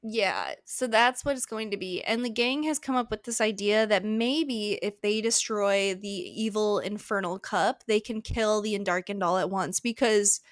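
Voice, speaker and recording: A woman's voice: mid-range voice, moderate pace, hardly any pauses, dry recording, studio quality. A woman co-hosting a podcast, recapping a novel in a chatty, rambling way. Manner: chatty, rambling, swears and laughs. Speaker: podcast co-host. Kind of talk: casual book-recap chat.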